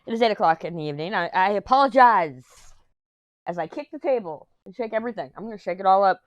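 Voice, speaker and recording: A woman's voice: mid-range voice, lively intonation, quick pace, dry recording, dull audio. Chatty woman with a sore throat. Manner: rambling, chatty. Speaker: vlogger. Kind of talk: casual chat. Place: home office.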